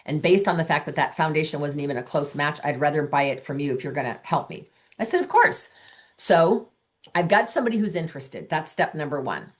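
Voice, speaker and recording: A woman's voice: sits low, expressive, fast. A middle-aged woman coaching sales consultants, telling stories and acting out the dialogue she quotes. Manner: chatty, acts out quoted dialogue. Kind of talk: coaching talk with anecdotes.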